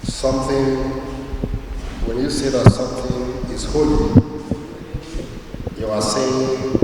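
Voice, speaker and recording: A man, a minister, explaining a teaching deliberately and spelling words out letter by letter, heard in a sanctuary. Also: mid-range voice, little pitch movement, very noisy. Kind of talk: teaching sermon in an interview. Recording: echoey hall from far off.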